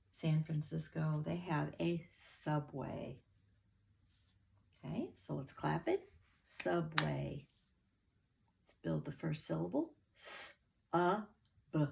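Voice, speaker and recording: Woman teacher, low and gravelly, unhurried phonics lesson, spells words out letter by letter. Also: dark tone, a little hiss or hum. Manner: slow, clear word-by-word spelling with claps and sounding out.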